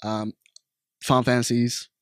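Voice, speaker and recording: A man's voice: medium pitch, flat delivery, a little slow, fairly bright tone, smooth, no echo, studio quality. A man co-hosting a podcast in casual chat, laid-back, laughing often and swearing freely. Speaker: podcast co-host.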